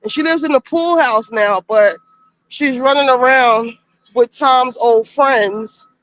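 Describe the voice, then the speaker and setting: A woman's voice: high voice, takes it slowly, a bit bright. A woman streaming from her phone, giving a blunt, gossipy, profane recap of reality-show drama in casual chat.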